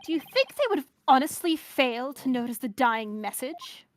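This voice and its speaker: A woman's voice: fairly high pitch, expressive, brisk, a little hiss or hum, close to an everyday voice. A woman voicing a haughty, commanding man with a put-on transatlantic accent in a game playthrough. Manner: clipped, commanding, impatient.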